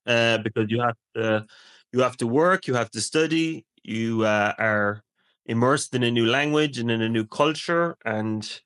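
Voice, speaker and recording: A man from Ireland with a Cork accent talks easily in a casual conversation, pausing on ums and uhs as he explains. He speaks at an everyday mid pitch. The sound is close and dry, with no room echo. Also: a bit bright, clean tone. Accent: Cork Irish. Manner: measured, with frequent ums and uhs. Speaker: English teacher.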